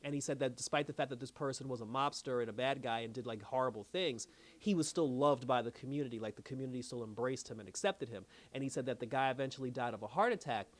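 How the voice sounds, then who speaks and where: A man's voice: mid-range voice, quick pace. A man giving a casual, slangy recap of a TV episode, telling the story loosely with lots of fillers. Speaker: show reviewer.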